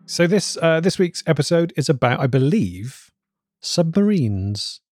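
A man's voice: fairly high pitch, animated, moderate pace, darkish tone, dry recording, faint music behind. A man co-hosting a comedy podcast, teasing his co-hosts with dry irony. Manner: teasing, dryly ironic. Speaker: podcast co-host. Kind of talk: casual comedic chat.

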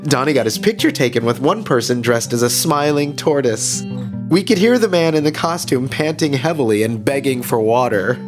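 An actor playing a cheerfully devout male radio host who delivers grim news in a bright, chatty way. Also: mid-range voice, expressive, normal speed, close to an everyday voice. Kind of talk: scripted radio drama narration. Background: faint guitar music.

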